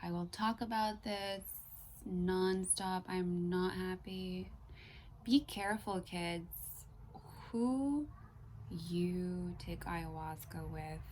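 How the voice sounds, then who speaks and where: A woman's voice: on the low side, takes it slowly, a little mellow, slight background noise. A young woman vlogger ranting to camera in an exasperated way, swearing and at times dropping into whispers.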